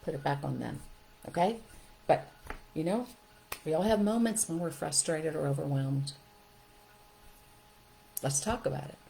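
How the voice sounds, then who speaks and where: A woman's voice: sits low, lively intonation, measured pace, creaky, pauses often, mellow, a little hiss or hum, low-quality recording. An older woman hosting a live talk, giving parenting advice in a chatty way, laughing often and reading viewer comments aloud. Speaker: host.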